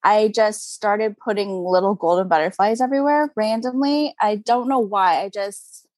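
A woman's voice: medium pitch, moderate pace, a little mellow, no echo. Chatty woman with a dry, close sound. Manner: chatty, upbeat, lots of "like" and "you know" fillers, frequent laughs. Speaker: guest, crystal seller. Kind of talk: casual interview chat.

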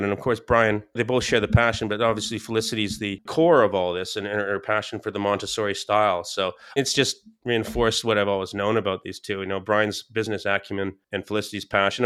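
A man, a podcast guest, telling stories in a lively casual way, often laughing and repeating words. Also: fairly low pitch, clean tone. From Scottish-English family. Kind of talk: casual storytelling.

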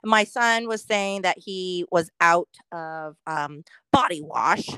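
A woman's voice: lowish voice, slow, pushed and bright, clear, resonant tone, no room sound. A woman co-hosting a podcast in casual chat, ranting profanely and laughing often. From Oregon, US. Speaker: podcast co-host.

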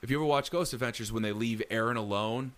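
A man telling a story in casual chat, animated and acting out the lines he quotes. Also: medium pitch, quick pace. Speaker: storyteller recounting a ghost encounter.

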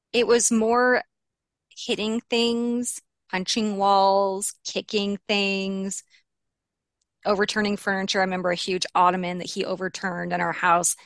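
A young adult woman, an interview guest, candidly recounting a personal ordeal, her pitch rising when she quotes heated arguments. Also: a bit bright, no room sound, clean studio sound.

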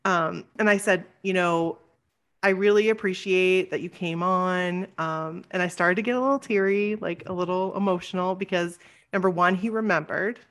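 A woman podcast host telling a story in casual chat, acting out quoted lines with lively voice changes. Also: lowish voice, moderate pace. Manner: animated, acts out quotes with shifting voice.

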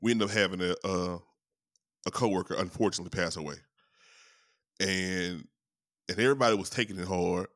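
A man's voice: low-pitched, a little fast, pauses often, fairly bright tone, no echo, clean studio sound. A young adult man hosting a podcast, chatting casually, laughing often and swearing freely as he tells stories. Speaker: podcast host. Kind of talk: casual chat.

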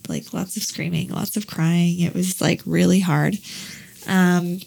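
A woman in her thirties with a lowish voice and a gravelly edge, talking casually. She tells a long personal story about her child, with plenty of fillers along the way. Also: steady tone, a little slow, darkish tone. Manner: chatty storytelling, many fillers. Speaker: parent. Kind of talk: casual chat.

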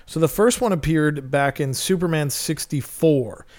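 A man's voice: on the high side, a little slow, darkish tone, no room sound. A man telling stories in casual chat, rambling and enthusiastic with plenty of fillers.

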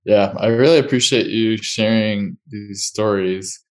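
A man hosting an interview, responding in a reflective, measured way. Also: lowish voice. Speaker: interview host. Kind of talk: casual interview.

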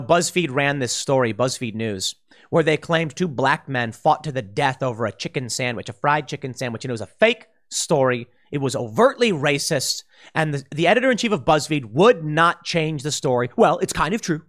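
Man ranting in lively commentary. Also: on the high side. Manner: heated, ranting, mocking impressions. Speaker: political commentary host. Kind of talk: opinionated solo commentary.

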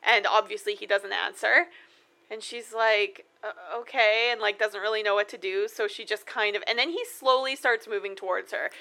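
Bright-voiced chatty woman. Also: mid-range voice, steady tone, normal speed, creaky. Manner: chatty, with many "like"s. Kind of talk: casual chat recapping a horror film.

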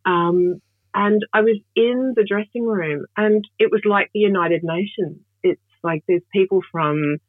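A woman comedian from Australia chatting in an interview, lively and quick to laugh, voicing the people in her stories. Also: mid-range voice, no echo. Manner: lively, bursts into laughs and voices others. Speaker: comedian guest. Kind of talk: casual interview chat. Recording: dry, phone-like remote line.

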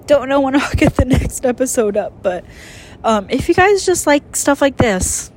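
A woman's voice: on the high side, expressive, moderate pace, a little hiss or hum. A young woman hosting a casual solo podcast, tearful and emotional, rambling with many fillers. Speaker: podcast host.

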